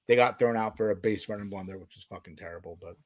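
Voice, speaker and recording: A man's voice: on the low side, fast talker, no echo, clean studio sound. A man co-hosting a casual sports podcast, joking and laughing often as he talks. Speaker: podcast co-host.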